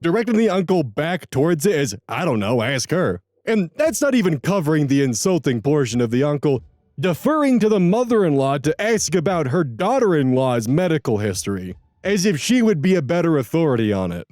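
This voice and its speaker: Animated male story reader, dry sound. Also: a little high, no echo. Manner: expressive, animated, quick asides. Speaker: channel host reading online posts. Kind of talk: storytelling reading with commentary. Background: faint lofi music.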